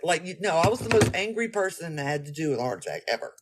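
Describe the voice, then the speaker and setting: A woman's voice: low-pitched, very animated, fast, noisy background. A woman vlogging to camera in a blunt, profane way, acting out her own reactions as she talks. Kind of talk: casual talk to camera.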